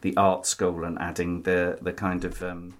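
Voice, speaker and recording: Low voiced guy hosting a podcast, joking around a lot. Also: monotone, a little slow. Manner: jokey, chatty interviewer. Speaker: podcast host. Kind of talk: casual interview chat.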